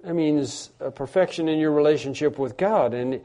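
Guy preaching a sermon, slightly high voice, goes quiet then loud, really stretches the big words. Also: normal speed. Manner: emphatic, swings from hushed to loud. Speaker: pastor.

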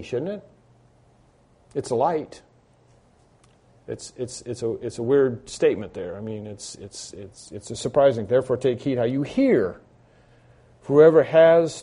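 Man, pastor, sermon, warm mellow voice, conversational, repeats phrases for emphasis. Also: medium pitch. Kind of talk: expository sermon.

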